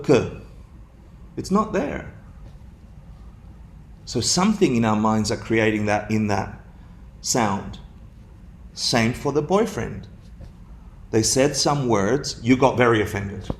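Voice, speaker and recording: Dharma teacher, male, from Argentina; gravelly, lively storyteller who laughs a lot. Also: medium pitch. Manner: animated, jokey, laughs often.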